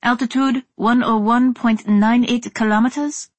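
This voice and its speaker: A woman voicing an excited young female mathematician who reads out figures in a high voice with a faint Taiwanese accent. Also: a little slow, no echo. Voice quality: high, eager.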